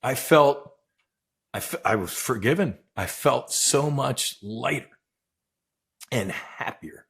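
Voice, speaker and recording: A middle-aged man, a former naval aviator, recounting a deep personal experience in an intense, animated way, swearing and acting out quoted dialogue. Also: slow pace, vocal fry, long pauses, husky. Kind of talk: emotional storytelling in casual chat.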